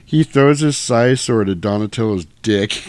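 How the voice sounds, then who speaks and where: A man's voice: medium pitch, huge pitch swings, a little mellow, no echo. A man casually recapping a movie scene by scene on a podcast, profane and joking. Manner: profane, joking, quick to do voices.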